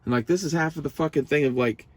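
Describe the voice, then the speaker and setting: A man's voice: a little high, fast talker, dry recording. Profane rambling young man. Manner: profane, meandering, emotional. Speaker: vlogger. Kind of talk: casual rambling monologue.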